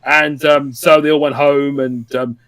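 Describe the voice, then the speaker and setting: A man with a fairly high voice talks through a comic's plot in a relaxed, halting way. He fills his pauses with ums. His voice is dry and close to the mic. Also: no echo. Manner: halting recap full of ums and quoted asides. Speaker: podcast co-host recapping a comic. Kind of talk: casual chat.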